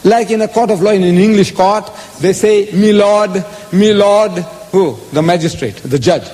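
Man, high voice, emphatic scripture lecture, long hall reverb. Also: moderate pace, dark tone. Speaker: speaker in a religious debate.

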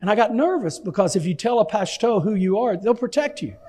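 A man from Texas, a pastor telling an animated, self-deprecating story with stammering restarts. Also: sits high, fairly quick, big-room sound. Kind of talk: anecdotal storytelling in an interview.

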